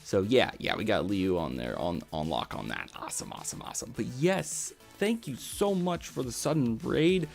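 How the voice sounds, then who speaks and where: A man's voice: mid-range voice, expressive, unhurried, gravelly, hardly any pauses, faint music behind. A young man streaming live, gushing thanks to his viewers with many fillers and repeated words. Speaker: VTuber streamer. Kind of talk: excited live-stream chat.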